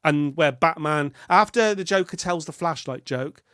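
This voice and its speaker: A man's voice: on the high side, moderate pace, fairly bright tone, clear, resonant tone, no room sound, studio quality. A British man co-hosting a podcast, chatting casually about a film in a rambling, self-interrupting way. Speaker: podcast co-host.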